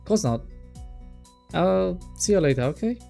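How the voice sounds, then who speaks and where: Perky sporty teen girl, read by a young man with a gravelly, mellow voice barely lifted. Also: sits high, expressive, unhurried, faint music behind, pitched above the performer's own voice, heavily acted. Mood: teasing. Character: sporty upbeat teenage girl, teasing.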